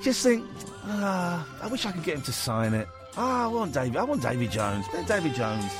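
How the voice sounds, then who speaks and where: Male phone-in host, bouncy high voice, music under him. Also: a little fast. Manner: animated, jokey, laughs a lot. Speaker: radio host. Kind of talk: late-night phone-in radio chat. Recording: radio studio with music bed.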